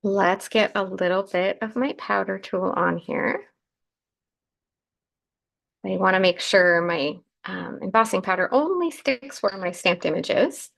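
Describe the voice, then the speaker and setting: A woman hosts a live card-making demonstration and talks casually through every step as she works. Her voice is still groggy from the morning and has a gravelly edge with plenty of fry. Her pitch sits in the middle range for a woman. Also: measured pace. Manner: chatty, narrating each step as she works. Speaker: craft show host.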